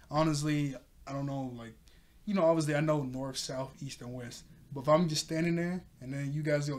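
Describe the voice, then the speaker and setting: A man hosting an anime review recaps an episode in a rambling, casual way, chuckling often and relying on fillers. His voice is on the high side with fairly even intonation, and he speaks fairly quickly.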